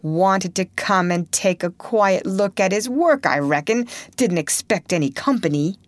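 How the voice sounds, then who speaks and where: A man's voice: high voice, measured pace, no echo, pitched above the performer's own voice. A woman doing a sneering rustic townsman. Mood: scornful. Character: sneering townsman bystander, adult man.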